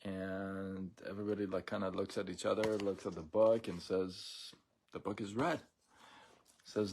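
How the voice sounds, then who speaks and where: A man hosting a casual live stream, talking in a relaxed, rambling way with many fillers and restarts. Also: fairly low pitch, measured pace.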